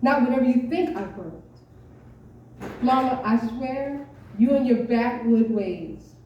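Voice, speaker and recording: A woman's voice: medium pitch, a little fast, slight background noise, natural voice. A woman voicing an exasperated young mother pleading with her own mother in a raised voice, read aloud as a story. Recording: echoey dull room from far off.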